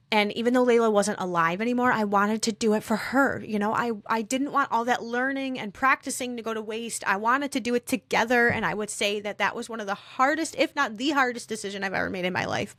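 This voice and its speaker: A woman's voice: mid-range voice, a bit bright, dry recording, studio quality. Earnest woman recounting a personal loss. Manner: earnest, halting, reflective, with restarts. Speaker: guest telling her story. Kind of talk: personal storytelling podcast.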